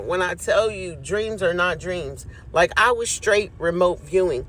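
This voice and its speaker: Man, high-pitched, casual storyteller addressing listeners directly. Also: a bit bright, a little hiss or hum. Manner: chatty, speaks straight to the audience as "y'all".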